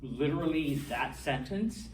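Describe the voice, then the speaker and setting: A man teaching a classroom Spanish lesson, animated and constantly checking in with his students. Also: a little high, a little slow, background noise. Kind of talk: classroom lecture. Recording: echoey classroom from far off.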